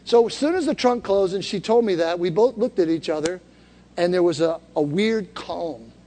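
A pastor with a high, animated voice preaches a sermon to a congregation in a church hall, speaking at a normal pace with a mellow tone and a long reverb tail. He tells a story conversationally and builds toward calls for the congregation to repeat after him.

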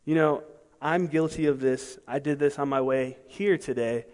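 Male pastor, higher register, emphatic sermon delivery with rhetorical asides; long reverb of a large hall. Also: normal speed. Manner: emphatic, rhetorical questions, swings between soft and loud.

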